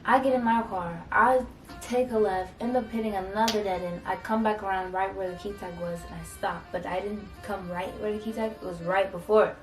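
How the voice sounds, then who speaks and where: A young woman tells a casual storytime, jumping into quoted lines of both sides of an argument with lively energy. Her voice sits at a middle pitch and is picked up from a little distance in a roomy, echoey space, with faint music underneath. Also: a little fast. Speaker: vlogger.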